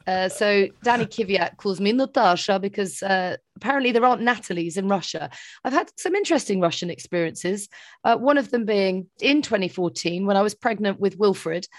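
Woman, podcast co-host, lively chatty storyteller, dry close sound. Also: medium pitch, no echo. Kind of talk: casual chat.

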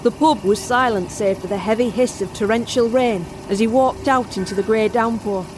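A woman's voice: fairly high pitch, moderate pace, background noise, close to an everyday voice. A woman narrating a first-person horror tale as a barmaid in an audio drama. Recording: music score underneath.

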